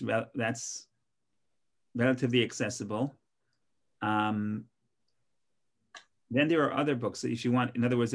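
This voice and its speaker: A man, a rabbi, teaching an informal online Torah class in a conversational way, often repeating and restarting his words. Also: mid-range voice.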